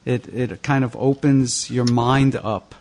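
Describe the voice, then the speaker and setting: A man's voice: mid-range voice, steady tone, slow, darkish tone, slight background noise. A man hosting a podcast interview, musing thoughtfully in conversation. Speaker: podcast host.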